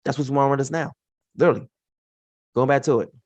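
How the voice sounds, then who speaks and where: A man's voice: medium pitch, fairly even intonation, fairly quick, no room sound. A man teaching from the Bible in an informal, slangy way, acting out the characters' lines as he retells the stories.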